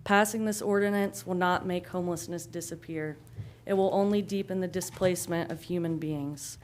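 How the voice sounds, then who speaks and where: A young woman reads her prepared remarks at a public meeting in a steady, measured voice. Her pitch sits on the low side for a woman. A faint background hum runs underneath. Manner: steady, measured, read-out delivery. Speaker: public commenter. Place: council chamber.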